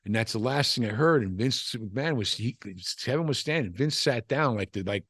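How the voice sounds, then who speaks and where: A man's voice: mid-range voice, expressive, normal speed, fairly bright tone, dry recording, clean studio sound. Rambling older man telling old stories. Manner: rambling, with many restarts and "you know" asides. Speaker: interview guest, former wrestler. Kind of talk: casual storytelling chat.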